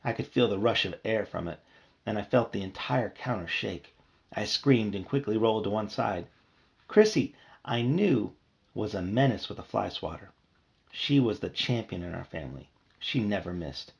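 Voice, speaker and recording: Gravelly-voiced man reading a spooky story. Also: fairly low pitch, normal speed, highs cut off. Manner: expressive storytelling. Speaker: reader. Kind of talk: reading a children's horror book aloud.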